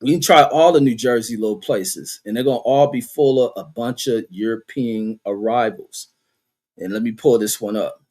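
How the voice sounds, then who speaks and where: A man's voice: mid-range voice, normal speed, darkish tone. A man hosting a casual livestream, reading chat comments aloud and answering with profane, laughing commentary.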